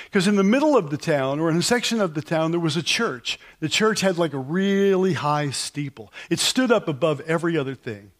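Conversational higher-voiced male preacher. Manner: conversational, storytelling with frequent restarts; sings hymn lines slowly. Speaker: pastor. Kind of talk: sermon.

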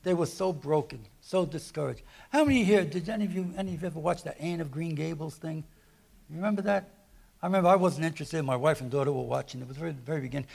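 A middle-aged man from New Jersey preaching a sermon, telling stories with many restarts and lively swings in loudness. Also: fast talker, gravelly, slightly rough. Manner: animated storytelling, many restarts, lively swings in pitch and volume. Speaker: guest preacher. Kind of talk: sermon with retold dialogue.

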